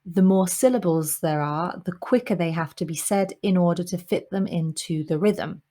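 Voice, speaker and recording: A woman giving a scripted lesson on English pronunciation, speaking clearly and measuredly and slowing down to model example sentences. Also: on the low side, dark tone.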